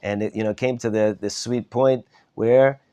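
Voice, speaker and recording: A man, a rabbi, telling a story while teaching a class, animated and full of restarts. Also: fairly low pitch, normal speed, clear, resonant tone, lo-fi sound. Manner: animated storyteller, many restarts and repeated words. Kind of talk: storytelling lesson. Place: study hall.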